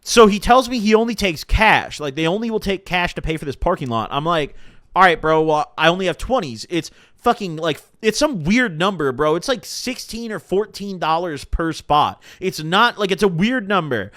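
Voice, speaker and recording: A man's voice: sits high, normal speed, hardly any pauses, no echo, clean studio sound. A young man hosting a podcast live stream, telling stories in a casual, profane, slang-heavy way. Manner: profane, animated storytelling with slang. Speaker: podcast host.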